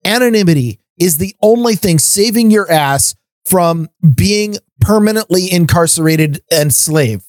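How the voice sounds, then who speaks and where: This middle-aged man co-hosts a podcast, ranting casually at a measured pace in a high voice. He tends to stammer when he restarts and laughs between points. The recording is dry.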